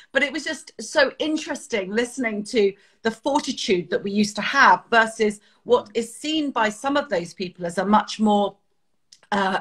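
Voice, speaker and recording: A woman's voice: mid-range voice, slightly rough. A woman from Britain, a children's author, talking earnestly and expressively in a casual interview and acting out bits of dialogue. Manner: earnest, expressive, acts out quotes.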